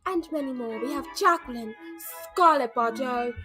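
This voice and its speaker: A woman co-host reads out event details one item at a time. Her voice is very high and bright, with faint music in the background. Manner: reads announcements in a measured, list-like way.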